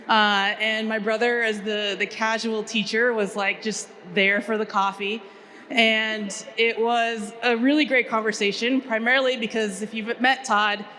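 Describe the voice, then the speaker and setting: A woman from Minnesota on a panel, chatty and animated, with many fillers. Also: fairly high pitch. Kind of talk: panel discussion storytelling.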